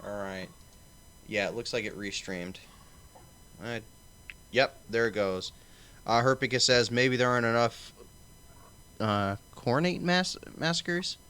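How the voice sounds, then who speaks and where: A man's voice: medium pitch, unhurried, pauses often, pushed and bright, smooth. A man hosting a casual livestream panel, swearing and rambling with lots of fillers. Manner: profane, rambling, filler-heavy. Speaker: stream host.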